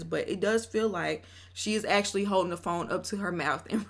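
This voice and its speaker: A woman's voice: mid-range voice, moderate pace, few pauses, a bit bright. A woman vlogger talking through her casual commentary in a chatty, opinionated way, often breaking into laughs.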